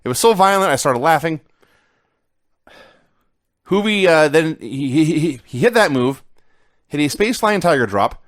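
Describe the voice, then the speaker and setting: A man's voice: on the high side, lively intonation, a little slow, long pauses, no echo. A man co-hosting a podcast, recapping old wrestling matches play by play in casual chat with a dry, matter-of-fact delivery. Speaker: podcast co-host.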